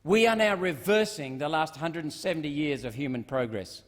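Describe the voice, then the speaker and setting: A man's voice: a little high, lively intonation, moderate pace. A middle-aged Australian man giving a combative parliamentary speech, firing off repeated rhetorical questions. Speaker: senator. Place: parliament chamber. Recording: long reverb of a large chamber.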